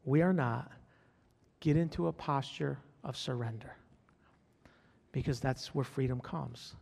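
A man's voice: medium pitch, a little slow, vocal fry, a little mellow, husky, long reverb tail. A man preaching a sermon as pastor, fervent, repeating his phrases and calling out to the congregation.

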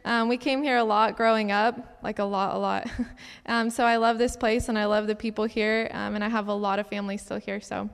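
A woman's voice: medium pitch, level tone, fairly quick, vocal fry, smooth. A young adult woman from Ohio sharing a testimony as a ministry speaker, earnest and chatty, with many fillers. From Cincinnati, Ohio. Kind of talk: sermon testimony. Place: church hall. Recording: hall reverb.

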